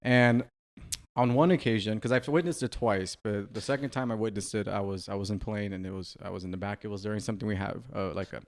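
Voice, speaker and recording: A man's voice: on the low side, steady tone. A man co-hosting a podcast in casual chat, teasing his friends and breaking into laughs. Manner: teasing and quick to laugh, many restarts. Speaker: podcast co-host.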